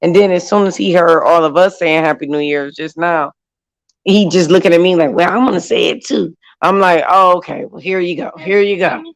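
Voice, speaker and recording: Brief: woman in her 40s, panel chat, lively storyteller who acts out quotes. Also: fairly low pitch, a little fast, gravelly, poor audio. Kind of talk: casual group chat.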